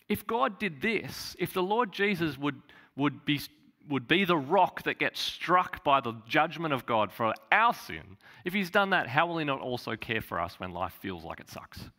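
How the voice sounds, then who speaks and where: A man's voice: on the high side, pushed and bright. A man preaching a sermon in an earnest way, repeating phrases for emphasis. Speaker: pastor.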